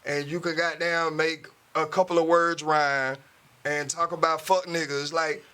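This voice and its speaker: A man's voice: fairly high pitch, little pitch movement, a little slow, sharp tone, clean tone. Emphatic man, podcast host. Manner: emphatic, agreeing, swears freely. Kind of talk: casual podcast chat.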